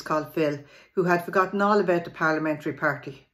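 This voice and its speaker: A woman reads a local history memoir aloud. Her voice sits a little low, and her reading is plain and steady. Now and then she stumbles and restarts a word. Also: a little fast.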